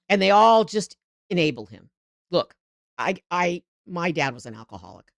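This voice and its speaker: A woman's voice: on the low side, very animated, normal speed, creaky, dry recording, clean studio sound. A middle-aged woman hosting a live political show, talking in a heated, rambling way with frequent restarts.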